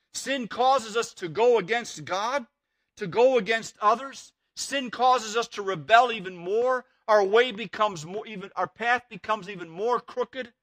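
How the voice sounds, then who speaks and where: A man's voice: high voice, sharp tone, no room sound. A man preaching a sermon as pastor, earnest and emphatic, repeating key words for weight.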